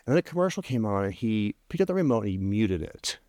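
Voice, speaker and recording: A middle-aged man, a podcast guest, telling a personal story in a halting way, repeating words and pausing with frequent ums. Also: fairly low pitch, sing-song, a little mellow, dry recording, clean studio sound.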